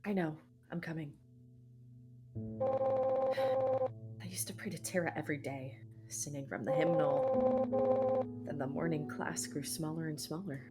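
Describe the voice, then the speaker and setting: A woman voicing a gentle young witch in a soft, reflective voice, fan voice acting over a game. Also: fairly low pitch, sing-song, slow, pauses often, over music. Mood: wistful.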